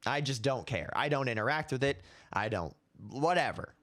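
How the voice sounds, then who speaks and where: A man's voice: medium pitch, expressive, moderate pace, a bit bright. A man in his twenties hosting his own commentary show, ranting heatedly and repeating himself. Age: 20s. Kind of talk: casual opinion commentary.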